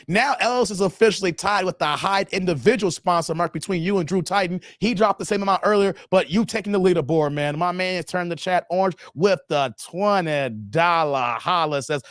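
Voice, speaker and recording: A man's voice: sits high, a bit bright, no echo, studio quality. A man hosting a casual livestream, thanking donors and reading chat, playful and laughing often.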